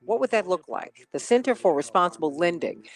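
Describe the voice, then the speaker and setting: A woman's voice: lowish voice, animated, fairly quick. Chatty woman radio show host. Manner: chatty, greets listeners by name. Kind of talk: casual pre-show radio chat. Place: radio studio.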